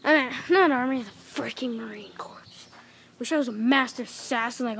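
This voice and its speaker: A woman acting as a soldier in a home-made action video, muttering asides to herself and yelling shooting noises. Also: on the high side, moderate pace, a little hiss or hum. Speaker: soldier in a home-made toy-gun war film.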